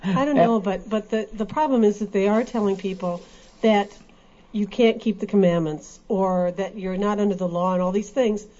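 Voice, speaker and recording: A woman's voice: mid-range voice, moderate pace, mellow. A woman in a casual religious discussion, explaining earnestly. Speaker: co-host in a Bible discussion. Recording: dull lo-fi recording.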